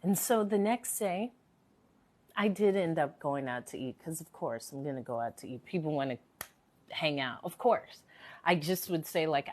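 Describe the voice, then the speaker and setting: A woman hosting a live stream speaks at normal speed in a low-pitched, expressive voice with a darkish tone. Recovering from a sore throat, she sounds slightly worn while talking earnestly and motivationally and repeating phrases for emphasis.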